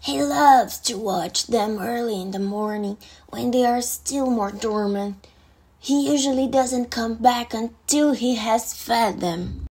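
Kindly older farm hostess, a man doing her voice, breathy, high, motherly, confiding. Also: slow, exaggerated voice, low-quality recording. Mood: chatty. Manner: warm, fussing, confiding.

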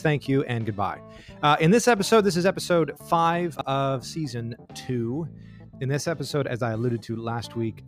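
A man introducing his podcast episode in a jokey, self-correcting way. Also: fairly low pitch. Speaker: podcast host.

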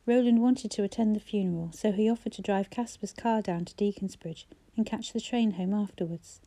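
Woman audiobook narrator, measured and even; dark, mellow timbre. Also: mid-range voice. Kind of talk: scripted narration of a novel.

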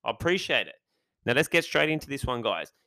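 A man hosting his own podcast in an energetic, chatty monologue. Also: medium pitch, fairly quick, no echo, clean studio sound. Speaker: podcast host.

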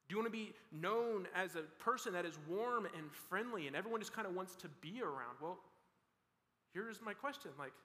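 Bright-voiced young man preaching in a hall. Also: high voice. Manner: casual, rambling with many "like" fillers and restarts. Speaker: youth pastor. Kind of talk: youth sermon. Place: large hall with a student audience. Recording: reverberant hall.

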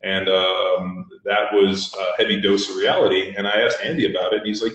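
A man's voice: sits low, fairly even intonation, normal speed, few pauses, fairly bright tone. A man telling a story in casual chat, blunt and heavy with profanity. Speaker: podcast host. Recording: very echoey room.

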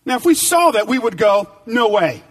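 A man preaching a sermon with emphatic repetition, swinging between loud, high bursts and low, quiet stretches. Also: expressive, a little fast, recorded from a distance. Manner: dynamic, emphatic repetition with big swings in pitch and volume.

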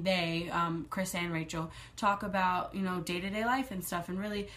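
A young adult woman hosts her own podcast as a casual solo monologue, rambling, swearing freely and sometimes dropping to a whisper. Her voice is on the low side and a bit bright.

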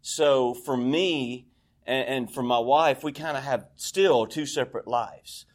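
A man's voice: medium pitch, slow. A man gives a candid, self-deprecating personal testimony at a recovery meeting, acting out bits of dialogue. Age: 40s.

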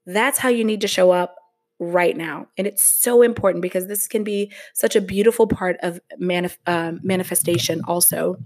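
A woman hosting a motivational podcast, talking slowly and earnestly in a casual way, with the odd swear word. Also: lowish voice, fairly even intonation, a little mellow. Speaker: podcast host.

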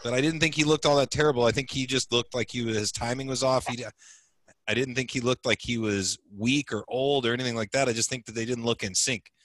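A man hosting a casual podcast, easygoing and quick to laugh, often restarting his sentences. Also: medium pitch, fairly even intonation, fairly bright tone, no room sound. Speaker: podcast host.

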